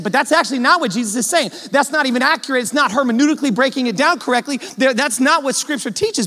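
A man with a notably high voice preaches a fervent sermon to his congregation. He talks plainly and directly, swinging between loud, driving emphasis and hushed asides. His voice rings out with the long reverb of a large church hall. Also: lively intonation, fast talker, hardly any pauses. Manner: colloquial, direct address to the congregation. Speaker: pastor. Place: church sanctuary.

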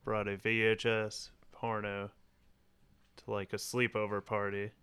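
A man's voice: lowish voice, measured pace, smooth, no room sound. A man on a podcast panel, telling an anecdote with laughs. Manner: laughing, animated storytelling. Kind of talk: casual podcast chat.

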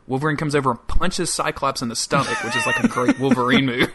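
A man's voice: on the high side, wildly swooping pitch, fast, a loud crowd. A man in casual chat about a cartoon show, joking wryly and laughing often.

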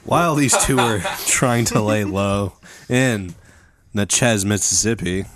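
A man's voice: a little slow, heavy background noise. A man telling a history story on a podcast, joking with his co-hosts as he goes. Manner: jokey storyteller, lively pitch swings. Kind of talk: comedic casual chat.

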